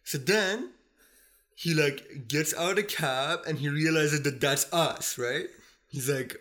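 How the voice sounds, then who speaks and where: A man's voice: mid-range voice, normal speed, fairly bright tone. Rambling man telling a story, "like" every few words. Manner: rambling storyteller, says "like" constantly, acts out family voices. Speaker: podcast guest. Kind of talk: casual storytelling.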